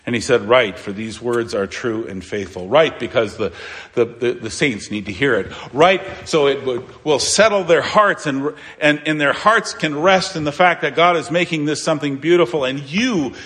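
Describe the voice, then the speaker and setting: A man's voice: on the high side, animated, normal speed, a bit bright. A man preaching a sermon as pastor, emphatic, asking rhetorical questions and repeating phrases.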